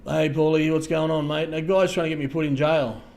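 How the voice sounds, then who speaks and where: Halting Australian man on a livestream. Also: on the high side, flat delivery. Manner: halting, repeats words, trails off softly. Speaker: livestream host. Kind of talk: casual livestream chat, answering viewers.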